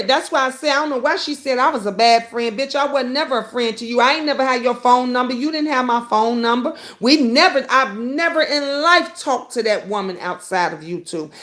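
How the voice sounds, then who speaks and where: A woman's voice: high-pitched, brisk. Blunt, outspoken middle-aged woman host. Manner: blunt and outspoken, swears freely; animated, jumps between comments and stories. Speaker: YouTube talk show host. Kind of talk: live stream chat, reading viewer comments.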